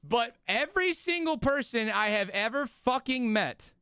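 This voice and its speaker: A man's voice: extremely high pitch, a little slow, clean tone, no room sound, clean studio sound. A man hosting a casual live-stream watch party, rambling and swearing freely as he chats with his audience, sleepy and yawning. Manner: rambling, profane and animated.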